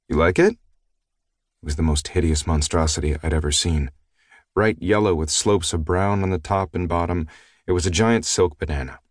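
A man with a very low voice reads a first-person audiobook, wry and fond in his telling. The sound is dry and close, with no room in it. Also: dry recording. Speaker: audiobook narrator.

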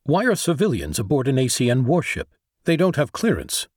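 A man's voice: medium pitch, huge pitch swings, a little fast, darkish tone, slightly rough, no room sound, studio quality. A man voicing an agitated male navy lieutenant trapped in a robot body, with demanding, clipped military speech.

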